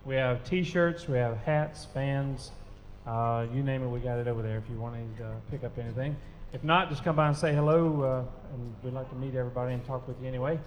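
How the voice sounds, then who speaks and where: An easygoing male band member giving quick stage announcements. His voice sits at an ordinary male pitch. A long hall reverb trails his words. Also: highs cut off, a little hiss or hum. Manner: easygoing, quick sales patter.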